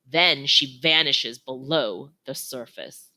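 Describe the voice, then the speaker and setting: A woman reading a children's novel aloud in an expressive, animated way. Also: very deep voice, takes it slowly. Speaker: reader.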